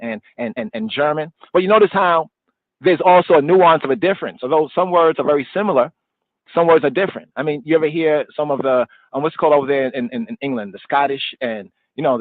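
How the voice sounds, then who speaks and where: A man's voice: medium pitch, no room sound. A man from the United States teaching scripture on a live stream, looping and repeating himself and mixing street slang into the lesson. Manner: loose and digressive, repeating words and phrases; informal street slang mixed with scripture talk. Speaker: Bible study teacher. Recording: dry, tinny phone-like line.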